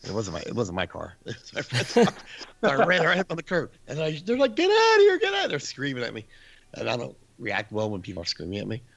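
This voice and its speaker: A man casually telling a spooky story from his youth, animated and laughing, acting out his friends' screams. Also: medium pitch, fast, gravelly, lo-fi sound.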